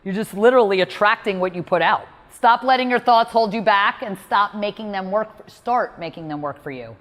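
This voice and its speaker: A woman coaching listeners on mindset in a blunt, emphatic way, with frequent "like" fillers. Her voice sits at an ordinary middle pitch. A long reverb trails after each phrase. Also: moderate pace, a bit bright. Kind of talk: motivational talk.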